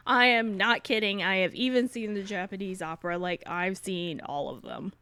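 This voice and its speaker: Bright, emphatic woman podcast host. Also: mid-range voice, normal speed, clean tone. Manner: emphatic, opinionated, laughing. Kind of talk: casual chat.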